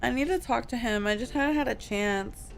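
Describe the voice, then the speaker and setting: A woman's voice: a little high, a little fast, creaky. A young woman streaming a game, chatting casually, thanking viewers and answering chat. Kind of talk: casual live-stream chat while gaming. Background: faint music.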